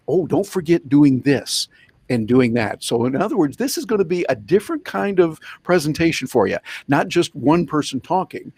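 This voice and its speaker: A man presents a live online workshop over a video call, telling it like a playful story. His pitch swings widely up and down, and the sound is close and dry with no room around it. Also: darkish tone, no echo. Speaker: guest presenter, professional speaker.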